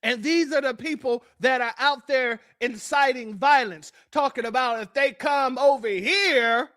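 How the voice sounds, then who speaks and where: A man with a high, bright voice hosts a reaction commentary, talking to his viewers like a congregation. He greets them as family and rises into shouts when he argues. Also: measured pace, no echo, clean studio sound. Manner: preacherly, calls out to viewers as family, breaks into shouting. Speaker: commentary channel host. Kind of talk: reaction commentary on a protest clip.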